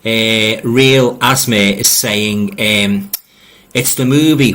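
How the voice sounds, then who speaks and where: His voice is fairly low, slow-paced and a little bright: a middle-aged man with a Liverpool accent chatting on a casual live stream. He reads viewer comments, rambles, and keeps repeating words as he starts over, all in a friendly manner aimed right at his viewers.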